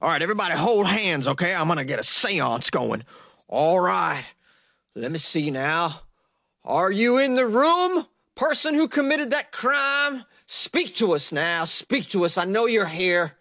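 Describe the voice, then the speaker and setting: A man voicing a blustering middle-aged sheriff, loud and mocking. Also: high-pitched, big pitch swings, a little slow, no echo, clean studio sound, pitched above the performer's own voice, full character voice.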